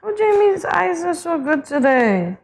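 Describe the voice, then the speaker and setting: Lively gravelly-edged woman co-host. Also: very high voice, unhurried. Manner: playful, exclaiming, self-deprecating. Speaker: morning show co-host. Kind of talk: casual studio banter.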